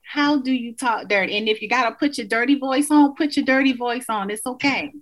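A woman in her thirties hosts a casual girls' night podcast, spinning playful stories with easy laughter. Her voice sits a touch higher than most. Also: a little fast, rough recording. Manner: chatty, laughing, playful storytelling. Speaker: podcast host. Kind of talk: casual chat.

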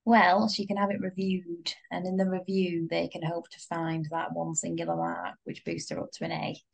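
A woman's voice: fairly low pitch, little pitch movement, moderate pace, creaky. Wry woman chatting. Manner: chatty, wry and exasperated, with laughter. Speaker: podcast co-host. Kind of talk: casual chat.

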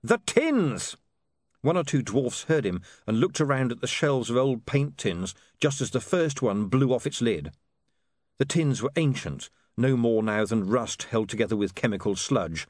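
A man giving an expressive, measured audiobook narration. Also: mid-range voice, dry recording, clean studio sound.

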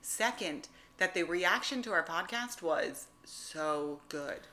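A woman co-hosting a podcast in casual chat, trading quick, wry quips and playful banter. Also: fairly low pitch, expressive, sharp tone. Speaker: podcast co-host.

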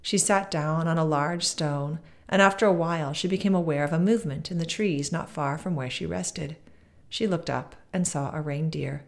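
Woman, low voice, storybook narration, measured, expressive. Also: gravelly. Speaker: podcast guest reading aloud.

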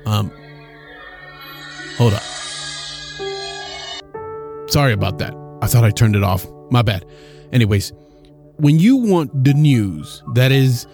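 A man's voice: mid-range voice, lively intonation, takes it slowly, pauses often, darkish tone, faint music behind. A man hosting a comedy podcast who talks in a casual, exasperated way. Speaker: podcast host.

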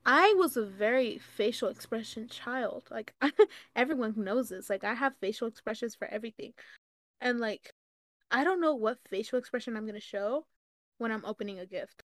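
A young woman co-hosting a podcast, telling stories in casual chat, animated and swearing freely. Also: a little high, moderate pace, dry recording, studio quality. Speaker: podcast co-host.

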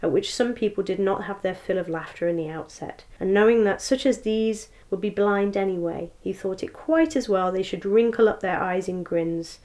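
A woman narrating a classic story aloud, with expressive, dramatic reading. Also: mid-range voice, moderate pace, few pauses.

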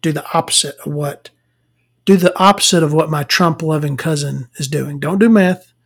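A woman's voice: deep voice, normal speed, husky. Lady ranting to her camera, swears a lot, laughs at her own stories. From Southern United States. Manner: profane, blunt, laughing storyteller. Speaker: vlogger. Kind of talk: casual rant to camera.

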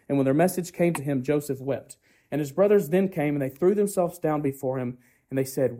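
A man's voice: on the high side, fairly quick, dark tone. A man preaching a sermon who keeps asking the congregation rhetorical questions, often tagging "right?", and builds his points through repetition.

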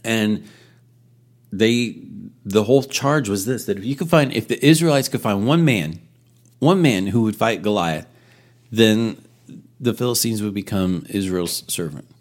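A man's voice: on the low side, measured pace, long pauses. A man teaching a Bible lesson in a casual, storytelling way, with asides and restarts. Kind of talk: conversational sermon retelling scripture.

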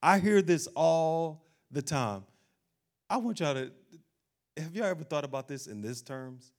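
A man preaching an animated sermon as pastor, acting out doubting voices and laughing along the way. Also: fairly high pitch, measured pace.

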